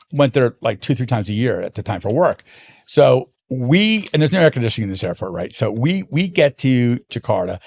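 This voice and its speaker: A man being interviewed, telling long stories in a casual chat with lots of restarts. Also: mid-range voice. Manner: animated anecdotes with frequent restarts. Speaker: guest, wine importer.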